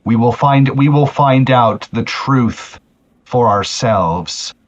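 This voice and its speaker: A man's voice: medium pitch, slow, close to an everyday voice. A man playing an earnest pony healer. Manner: solemn, repeats the start of his phrases. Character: earnest pony healer who speaks of friendship. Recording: muffled lo-fi audio.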